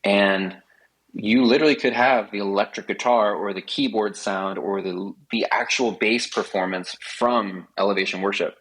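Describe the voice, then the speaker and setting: A man's voice: on the low side, fairly even intonation, normal speed, a bit bright, slightly rough, low-quality recording. A man speaking as a podcast guest, talking earnestly and with many fillers in a casual conversation.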